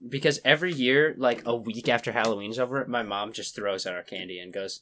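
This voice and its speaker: A man's voice: mid-range voice, fairly quick, fairly bright tone, a little hiss or hum. A young man co-hosting a podcast in casual chat, joking and acting out voices of the people he talks about. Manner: joking, acts out quoted voices. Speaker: podcast co-host.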